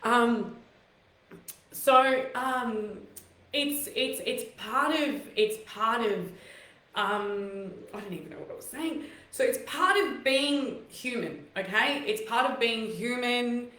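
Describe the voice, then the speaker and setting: A woman hosting a live online talk, emotional and close to tears, giving heartfelt, rambling encouragement with many fillers in a voice rougher and deeper than her usual. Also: lively intonation, slow, sharp tone. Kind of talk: live-stream motivational talk to viewers. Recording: echoey room.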